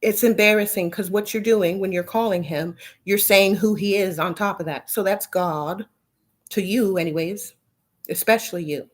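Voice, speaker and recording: A woman vlogger talks straight to her viewers in a heated rant. Her voice sits at an ordinary middle pitch. She is blunt and profane and keeps firing rhetorical questions. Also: moderate pace. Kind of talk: ranting monologue to camera.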